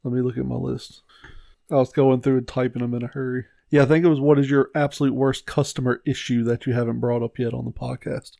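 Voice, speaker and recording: A man's voice: medium pitch, level tone, fast talker, vocal fry, dark tone, no echo, clean studio sound. A man co-hosting a casual podcast, ranting about his store's customers and swearing freely. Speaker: podcast co-host, game store owner. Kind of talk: casual chat.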